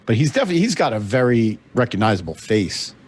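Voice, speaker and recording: A man's voice: medium pitch, big pitch swings, fast, husky. A man co-hosting a casual film podcast, chatty and amused as he shares film trivia. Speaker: podcast co-host.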